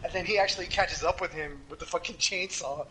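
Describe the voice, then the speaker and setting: A man co-hosting a podcast, retelling film scenes in a profane, animated way. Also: high-pitched, a little fast, low-quality recording. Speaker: podcast co-host. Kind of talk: casual chat. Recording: loud background noise.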